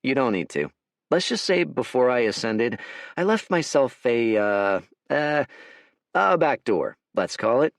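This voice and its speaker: A man's voice: medium pitch, sing-song, a little slow, vocal fry, no echo. A man voicing a smug, impatient male hero with dragon blood, talking in a dry, mocking way. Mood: breezy.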